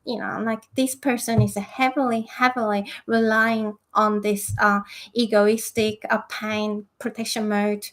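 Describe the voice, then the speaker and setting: A woman's voice: medium pitch, flat delivery, unhurried, fairly bright tone, close to an everyday voice, rough recording. A woman voicing a weary, fed-up inner spirit self that rambles on in exasperation. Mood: exasperated.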